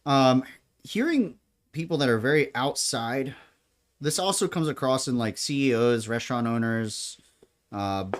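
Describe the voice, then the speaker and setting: A man talking loosely while he cooks at home, drifting between thoughts with jokes and frequent laughter. His voice sits at a middle pitch, and his delivery is casual and unscripted. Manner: rambling, joking, laughs often. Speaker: home cook. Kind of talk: casual chat while cooking. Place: home kitchen.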